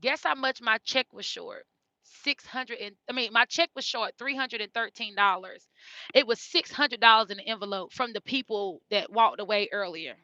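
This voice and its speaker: Mother telling a story, high and very bright, earnest, dry dull lo-fi audio. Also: moderate pace, no echo. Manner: repeats phrases, earnest and heartfelt. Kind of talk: emotional personal storytelling. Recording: dull lo-fi recording.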